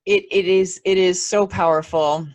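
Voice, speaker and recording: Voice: mid-range voice, fairly even intonation, normal speed, darkish tone. An interview host talking in a casual chat, gushing with praise and stammering through restarts and false starts. The delivery stays enthusiastic throughout.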